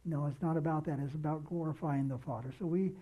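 A man's voice: on the high side, fast, breathy edge. A man preaching a sermon as pastor, earnest, repeating key phrases for emphasis. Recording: tinny phone-like sound.

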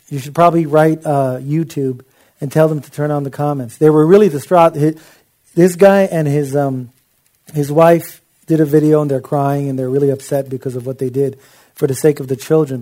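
A man's voice: a little high, fairly even intonation, normal speed, mellow. A man preaching a sermon in an impassioned, conversational way, with frequent asides to his listeners.

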